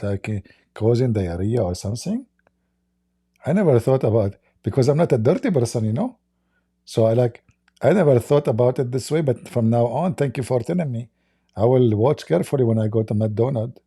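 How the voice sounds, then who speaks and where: A man with a gravelly, husky voice hosts a livestream, mocking a clip with sarcastic jokes and frequent laughter. His tone is dark and mellow, and the sound is dry and close. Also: medium pitch, dry recording. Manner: sarcastic, joking, laughs often. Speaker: livestream host. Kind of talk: mocking commentary on a video clip.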